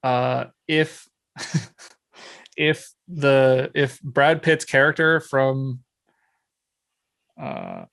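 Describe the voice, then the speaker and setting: A man's voice: mid-range voice, big pitch swings, drawn-out words, vocal fry, pauses often, a bit bright, no room sound. A man hosting a podcast, chatting casually in a joking, swearing manner that trails off mid-sentence. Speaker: podcast host. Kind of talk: casual chat.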